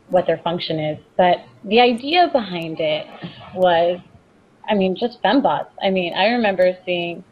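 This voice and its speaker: A woman's voice: fairly low pitch, dull audio. A woman guest chatting casually and boldly, flirting and joking about her work. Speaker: guest adult film performer and producer. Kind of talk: casual podcast chat. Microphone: video call.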